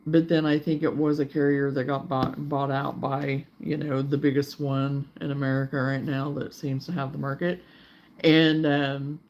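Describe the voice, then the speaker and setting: Brief: woman host, live crafting chat, sleepy and rambling, gravelly edge. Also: a bass voice, level tone, normal speed, a little mellow, lo-fi sound, a little hiss or hum. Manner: rambling, chatty, reads viewer comments aloud. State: sleepy, yawning. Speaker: crochet livestream host. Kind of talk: casual livestream chat.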